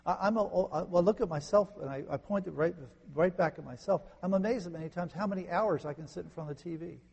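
Guy pastor giving a sermon, mellow gravelly voice, big echoey church hall. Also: fast. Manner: preacherly, rising to emphatic peaks then dropping low. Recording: long reverb in a large hall.

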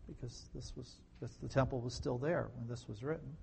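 A man giving conversational Bible teaching, firing rhetorical questions at listeners with wry, sarcastic asides and swinging between soft and loud delivery. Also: mid-range voice, steady tone, brisk, vocal fry, slight background noise. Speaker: pastor.

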